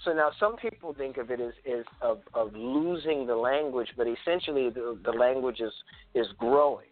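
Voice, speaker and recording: A man's voice: medium pitch, normal speed. Charleston-accented man explaining patiently. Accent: Charleston, South Carolina. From South Carolina. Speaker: guest. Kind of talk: explanatory conversation. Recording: tinny phone-like line.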